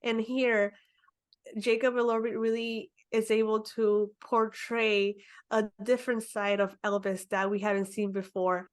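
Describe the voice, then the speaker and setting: A woman's voice: mid-range voice, level tone, unhurried. A young woman co-hosting a film review podcast, talking casually with many fillers and giggles. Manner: chatty, lots of "like" and "you know", giggles. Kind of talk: casual movie review chat.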